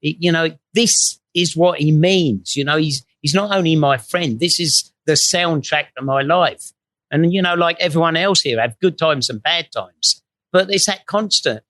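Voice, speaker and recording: A man's voice: a little high, moderate pace, fairly bright tone, dry recording. A middle-aged man, a guest telling blunt, sweary, rambling stories full of tag questions. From England. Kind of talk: anecdotal storytelling before a live audience.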